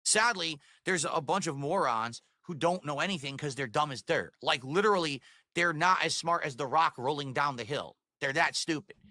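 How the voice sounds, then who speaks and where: Streamer guy ranting, bright tense voice, super dry mic, calls everyone morons. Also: on the high side, normal speed, dry recording. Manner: ranting, insulting, self-assured. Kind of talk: livestream rant.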